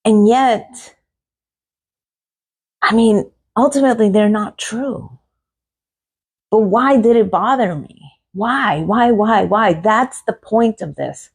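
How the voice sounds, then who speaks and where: A woman's voice: mid-range voice, takes it slowly, pauses often, breathy edge. A middle-aged woman hosting a podcast, giving an earnest motivational monologue full of repeated phrases and rhetorical questions. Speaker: podcast host.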